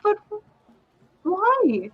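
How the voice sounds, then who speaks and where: A woman's voice: extremely high pitch, wildly swooping pitch, drawn-out words, dry recording. A woman playing in a tabletop game, speaking politely and earnestly in character. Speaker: player. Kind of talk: tabletop role-play. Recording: dull, lo-fi mic.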